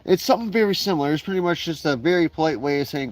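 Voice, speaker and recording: A man's voice: sits high, expressive, moderate pace, no echo, poor audio. A man chatting on a casual live stream from his backyard, rambling and swearing freely as he drifts between topics. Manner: rambling, profane, digressive. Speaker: livestreamer.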